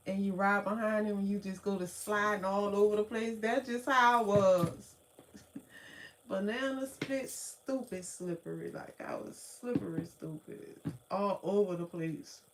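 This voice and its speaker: A woman with a New Orleans accent telling her own story in casual, slangy talk, laughing often and jumping into excited quotes of herself. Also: mid-range voice, a little hiss or hum. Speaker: spiritual vlogger.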